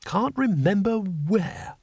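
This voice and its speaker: A man's voice: sits high, animated, takes it slowly, a little mellow, slightly rough, no room sound, studio quality, pitched above the performer's own voice, exaggerated voice. A man voicing a blunt, blustering older wizard who stammers and halts. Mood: musing. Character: bluff, blustering older male wizard chancellor.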